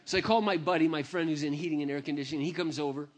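A middle-aged man who is a pastor, telling a personal story in a sermon. He swings from hushed, confiding lines to loud, impassioned ones. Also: fairly high pitch, fairly even intonation, rapid-fire.

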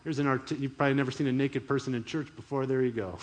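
A man preaching a sermon in an animated, emphatic way. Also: medium pitch, quick pace, noisy background. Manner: animated, emphatic, chuckles often. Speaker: pastor.

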